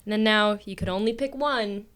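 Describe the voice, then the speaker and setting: A woman's voice: mid-range voice, brisk, fairly bright tone. A woman leading a casual interview, asking questions in an upbeat way and giggling now and then. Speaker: interviewer, co-host.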